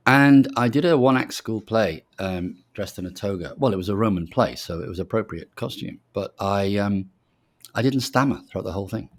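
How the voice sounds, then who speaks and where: A man in his sixties who grew up in Liverpool, speaking with a softened Liverpool accent as he reflects on his career and tells stories. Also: on the low side, normal speed. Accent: softened Liverpool English. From Liverpool, England. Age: 60s. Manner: reflective storyteller, acts out quoted voices. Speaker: executive producer guest. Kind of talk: casual interview.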